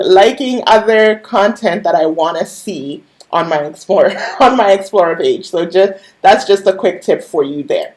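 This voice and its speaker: A woman's voice: medium pitch, normal speed, hardly any pauses, a little mellow. A woman coaching her viewers on a live stream in a chatty, playful way, talking straight to them and making asides. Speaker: online business coach. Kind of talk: casual live-stream teaching.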